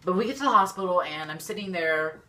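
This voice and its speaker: A teenage girl with a low, deep-set voice tells a storytime straight to her camera. She rambles and talks in excitable bursts, filling her talk with "like" and restarts. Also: fast, slight background noise. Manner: rambling, lots of "like", excitable swings. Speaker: YouTuber. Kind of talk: storytime vlog. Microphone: camera facing the speaker.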